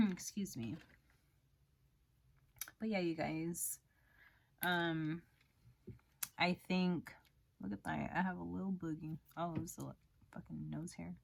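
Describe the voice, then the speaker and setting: Slow-talking, profane young woman. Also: lowish voice, vocal fry, breathy edge. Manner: frank and profane, chatty. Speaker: hairstylist and beauty vlogger. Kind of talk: casual chat while doing makeup.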